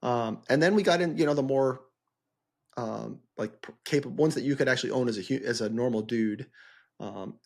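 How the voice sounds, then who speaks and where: A man's voice: medium pitch, a bit bright. A man co-hosting a casual podcast, talking in a loose, rambling way as he gathers his thoughts. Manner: rambling, many fillers and restarts. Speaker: podcast co-host.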